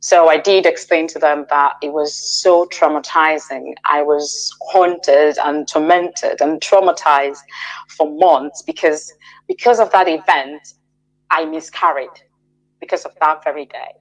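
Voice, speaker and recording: A middle-aged woman as a radio interview guest, giving a measured, hesitant personal account with frequent restarts and fillers. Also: deep voice, fairly even intonation, low-quality recording.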